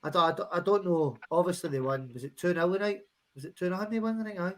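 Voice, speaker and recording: A man's voice: high-pitched, fairly bright tone. A Scottish man chatting on a football podcast, swearing freely and stumbling over restarts. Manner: sweary, halting with many restarts. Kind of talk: casual post-match chat.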